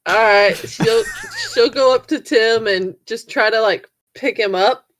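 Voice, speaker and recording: A woman's voice: on the high side, measured pace, slight background noise. Chatty woman playing a tabletop game. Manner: chatty, laughs between words. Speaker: player. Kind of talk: casual tabletop game play.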